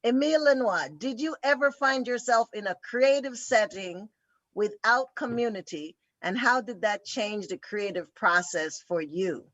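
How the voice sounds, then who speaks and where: A woman's voice: medium pitch, unhurried, a bit bright, dry recording. A woman hosting a casual chat, upbeat and playful, reading out viewer questions. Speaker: host.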